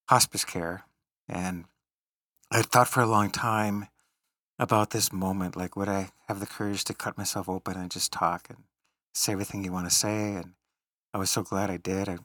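A man's voice: low voice, little pitch movement, normal speed, pushed and bright, no echo, studio quality. A middle-aged man hosting a podcast, telling a personal story in a reflective, tender way. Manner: reflective, tender storytelling, laughing at funny moments. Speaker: podcast host. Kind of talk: storytelling in casual conversation.

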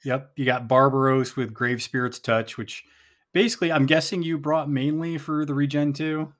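A man's voice: medium pitch, fairly even intonation, moderate pace. A man co-hosting a podcast, casually asking questions and listing game pieces in an easygoing way. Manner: easygoing, asks questions, lists items. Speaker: podcast co-host. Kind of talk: casual game recap chat.

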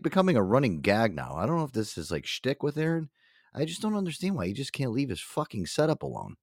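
Brief: male host, casual and profane, very expressive delivery, dry close mic. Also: mid-range voice, no room sound. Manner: animated, swears a lot, laughs often. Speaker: podcast host.

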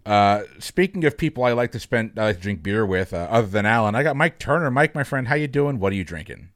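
Guy hosting a podcast, lowish voice, jokey, dry close sound. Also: lively intonation, fast talker, a bit bright, no echo. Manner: jokey, greets guests by name. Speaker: podcast host. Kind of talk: casual chat.

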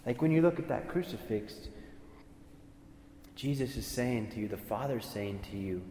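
A warm, mid-range male voice delivers an earnest sermon with lively intonation, a moderate pace and long pauses, against slight background noise. He often repeats words and plays out what others might say, all in an echoey hall with long reverb.

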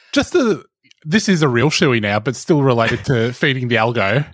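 A man's voice: medium pitch, lively intonation, a little slow, husky, no room sound. A man co-hosting a casual podcast chat, talking with wry, dry teasing. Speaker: podcast co-host.

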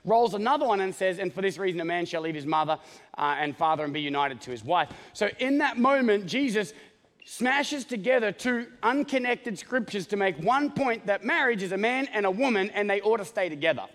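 A man preaching a sermon as pastor, joking and animated, often checking in with the congregation with "okay?". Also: sits high, a little fast, long reverb tail. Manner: joking, animated, talks straight to the congregation with many "okay?" asides.

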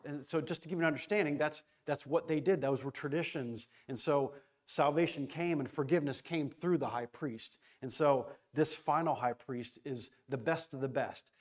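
Excitable man teaching a Bible study. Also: a little high. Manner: excitable, restarts often, stresses key words.

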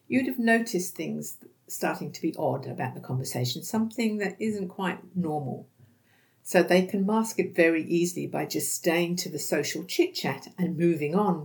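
Woman podcast host, low voice with vocal fry, patient educator tone. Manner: calm, explanatory, acts out sample dialogues.

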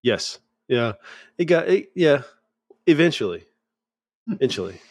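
A man's voice: fairly high pitch, big pitch swings, a little slow, slightly rough, no echo. A man co-hosting a podcast, dropping brief wry quips in casual chat. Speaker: podcast co-host.

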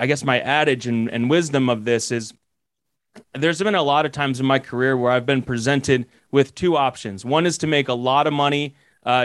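A man who works as a commercial real estate broker and mentor, giving sales advice in a rambling way with many restarts. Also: mid-range voice. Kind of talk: casual podcast advice.

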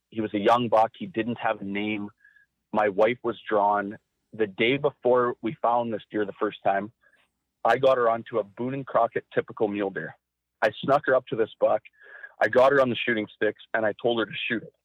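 A man's voice: on the low side, no echo. A man from Saskatchewan, telling an intense, vivid hunting story as an interview guest and acting out quotes. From Saskatchewan, Canada. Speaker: guest hunter. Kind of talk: animated storytelling. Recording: tinny phone-like line.

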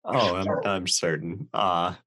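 Over a video call mic, with a loud crowd in the background, a podcast producer in his thirties animatedly recounts a story in casual chat, playing the people in it. His voice is low and slow.

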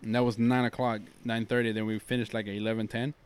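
A man co-hosting a casual podcast, relaxed and laughing with friends. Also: mid-range voice, fast talker, clear, resonant tone. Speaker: podcast co-host. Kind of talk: casual chat.

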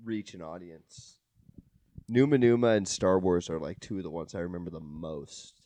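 A man co-hosting a podcast in casual comedic chat, playful and drawling, often trailing off quietly. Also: sits low, moderate pace. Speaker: podcast co-host.

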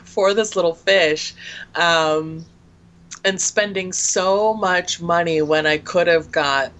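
A woman's voice: fairly low pitch, takes it slowly, fairly bright tone. Chatty woman with a mild Minnesotan accent. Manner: chatty, self-deprecating, laughs between thoughts. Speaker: podcast guest. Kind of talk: casual podcast interview.

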